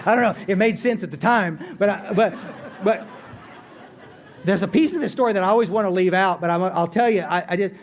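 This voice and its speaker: A man's voice: high-pitched, brisk, some chatter behind, a little hiss or hum. A man giving a talk at a recovery meeting, telling his story earnestly and poking fun at himself, often stopping and restarting his sentences. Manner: earnest, self-deprecating storyteller with frequent restarts. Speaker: AA speaker. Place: conference hall.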